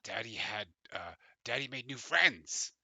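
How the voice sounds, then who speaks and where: A man's voice: medium pitch, expressive, measured pace, vocal fry, pushed and bright, breathy edge, no echo, voice pushed up, heavily acted. A man voicing a doting male kobold father who talks in broken grammar. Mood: tender.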